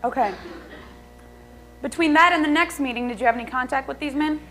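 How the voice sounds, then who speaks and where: Woman as a trial lawyer, methodical, measured, slightly high voice. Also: a bit bright, soft background music, rough recording. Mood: probing. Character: adult female lawyer questioning a witness. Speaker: attorney. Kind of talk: improvised courtroom drama.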